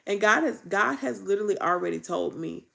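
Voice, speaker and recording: A woman's voice: mid-range voice, expressive, fairly quick, gravelly, pushed and bright. A woman, talking rawly and emphatically, repeating phrases like a preacher. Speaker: faith vlogger. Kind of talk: candid faith vlog.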